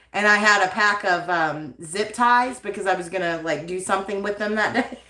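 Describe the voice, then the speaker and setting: A woman with a bright, sharp voice chats to her livestream viewers in a loose, animated way. She laughs often and keeps dropping "like" and "you know." Her voice bounces around an echoey room at home. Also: medium pitch. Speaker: livestream host of a yarn channel. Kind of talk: casual storytelling to viewers.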